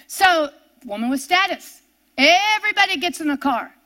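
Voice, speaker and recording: A woman preacher telling a story in a sermon, repeating her words and swinging between emphatic and hushed delivery. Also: very high-pitched, expressive, normal speed.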